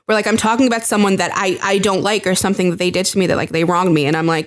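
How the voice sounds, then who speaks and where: Woman cohost, mid pitch, lively, does little voices for people in the story. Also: very fast, few pauses. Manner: animated, acts out quoted lines. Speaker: podcast co-host. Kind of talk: casual chat.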